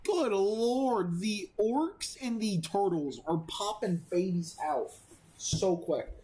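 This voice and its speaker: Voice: medium pitch, animated, takes it slowly, warm tone, poor audio. A gaming video creator giving casual let's-play commentary, rambling and self-amused, with many fillers.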